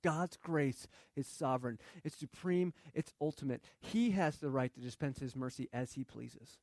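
A man's voice: medium pitch, moderate pace, darkish tone, dry recording. Conversational man preaching, dry sound. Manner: conversational preaching with rhetorical questions. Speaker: pastor. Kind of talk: sermon.

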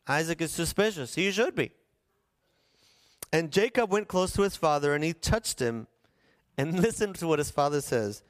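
Lively storytelling preacher, a man. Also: a little high, normal speed, long pauses, no room sound, studio quality. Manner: storytelling, playfully acting out characters and asking the congregation questions. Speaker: pastor. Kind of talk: sermon.

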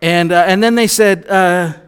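A man with a fairly high voice preaches a sermon, reading scripture and then unpacking it in an easygoing, conversational way. His words ring out with a long reverb, as though spoken in a big sanctuary. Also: unhurried, clean tone. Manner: conversational, reads scripture then explains it with asides. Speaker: pastor.

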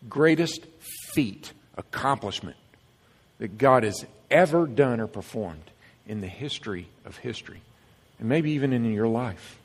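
Male pastor, mid-pitched, earnest sermon delivery, emphatic and hushed by turns, big reverberant hall. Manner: earnest, emphatic preaching with swings between loud and hushed. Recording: long reverb of a large hall.

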